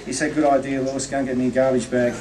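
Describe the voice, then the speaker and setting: A crowd can be heard behind a medium-pitched man speaking very fast with little pitch movement. At a memorial gathering he gives a eulogy, recounting a funny story and acting out the dialogue, captured on a distant mic with room ambience.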